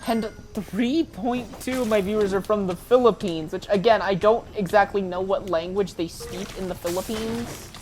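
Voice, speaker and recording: A woman's voice: mid-range voice, moderate pace, few pauses, a little mellow, faint music behind. An American woman giving casual, rambling gameplay commentary full of ums and restarts. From United States. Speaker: gaming YouTuber.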